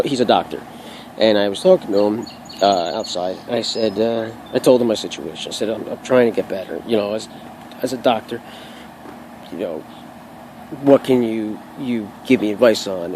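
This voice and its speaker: Young adult man, casual home vlog, rambling and profane, mid-pitched, faint room hum. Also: moderate pace, darkish tone, rough recording. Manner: rambling, many restarts and fillers, swears freely. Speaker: vlogger sharing his own experience. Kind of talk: casual unscripted monologue to camera.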